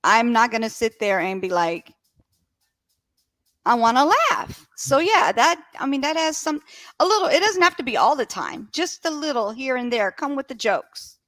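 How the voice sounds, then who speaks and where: A woman's voice: on the high side, very animated, moderate pace, a bit bright, no echo. A woman co-hosting a casual relationship chat, upbeat and emphatic. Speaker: podcast co-host.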